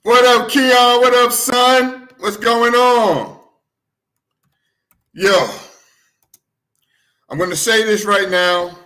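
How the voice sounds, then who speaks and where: A man hosting a sports talk show, hyped and loud, drawing out his phrases slowly and breaking into shouts, a little out of breath. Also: extremely high pitch, fairly even intonation. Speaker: sports podcast host.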